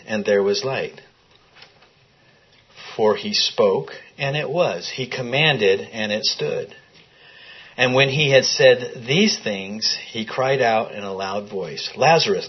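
Husky man teaching scripture to a group. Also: mid-range voice. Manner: questions the group, reads scripture aloud. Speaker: Bible study teacher. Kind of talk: interactive Bible teaching. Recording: dull lo-fi recording.

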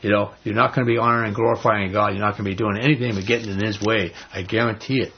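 A man's voice: on the low side, fairly even intonation, very fast, breathy edge, muffled recording. A man preaching a sermon in a conversational storytelling way, acting out the people in the story with short bursts of voices and chuckles. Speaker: pastor.

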